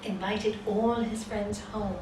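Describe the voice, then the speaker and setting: Lady yoga teacher giving a talk, acts out the voices in her stories, mid pitch, distant mic in a roomy hall. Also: slow. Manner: animated storyteller, acts out the voices in her story. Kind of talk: spiritual talk with storytelling. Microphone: distant room mic. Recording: echoey hall from far off, noisy ambience.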